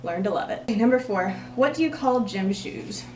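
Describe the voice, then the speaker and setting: A woman's voice: mid-range voice, lively intonation, a little fast, darkish tone, roomy sound, distant mic, slight background noise. A young woman from Texas with a Texan accent, chatting casually and rambling through an accent tag vlog. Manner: chatty, rambling, self-deprecating. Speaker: vlogger.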